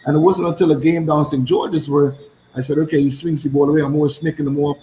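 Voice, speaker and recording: A man, once a cricketer, telling lively anecdotes and repeating himself for emphasis. His voice sits a little high for a man. The room gives it a noticeable echo, with a faint hum behind. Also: fast. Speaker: former cricketer. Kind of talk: casual storytelling chat.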